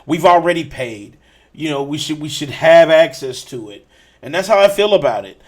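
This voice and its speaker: A man's voice: fairly high pitch, animated, moderate pace. A man hosting a casual gaming podcast, talking bluntly and repeating himself as he rants. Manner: blunt, repetitive, restarts often. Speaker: podcast host.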